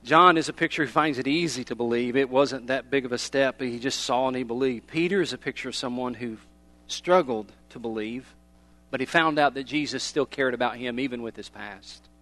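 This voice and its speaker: A middle-aged man preaching a sermon as a pastor, emphatic, swinging between loud stresses and hushed, drawn-out phrases. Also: mid-range voice.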